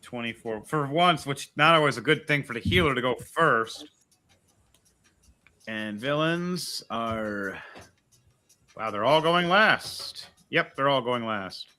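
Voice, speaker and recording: A man's voice: mid-range voice, lively intonation, slow, pushed and bright. A man running a tabletop role-playing game as game master, chatty and explaining the rules as he goes.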